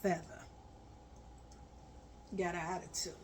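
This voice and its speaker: A woman telling a story on a vlog, blunt and profane, building to loud, forceful rants. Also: fairly low pitch, flat delivery, slow pace, slight background noise.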